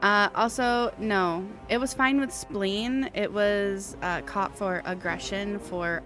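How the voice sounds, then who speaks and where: A woman streamer chats with her viewers in an easy, unhurried way, breaking into giggles and poking fun at herself. Faint music plays quietly behind her. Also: medium pitch, steady tone. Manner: chatty, giggly, self-deprecating. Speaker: game streamer. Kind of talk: casual live-stream chat.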